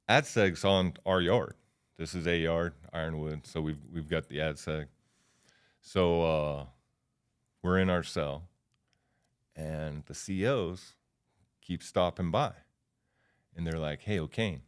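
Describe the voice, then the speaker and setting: A man's voice: low voice, slow pace, long pauses, clear, resonant tone. A man in his fifties, a podcast guest, telling stories in a loose, slangy way with lots of fillers. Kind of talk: casual storytelling.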